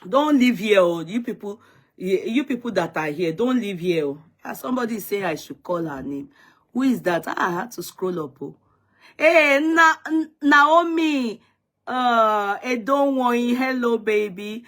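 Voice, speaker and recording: Her mid-range voice is expressive and moderately paced as this Nigerian woman hosts an informal livestream. She banters with viewers, greets them by name, and mixes in Yoruba and Pidgin.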